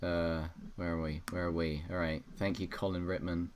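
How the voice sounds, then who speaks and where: A man's voice: low-pitched, level tone, moderate pace, slight background noise. A young man hosting a podcast over an online call, rambling and self-correcting as he hands out jokey awards. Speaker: podcast host presenting awards. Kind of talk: casual chat on an online call.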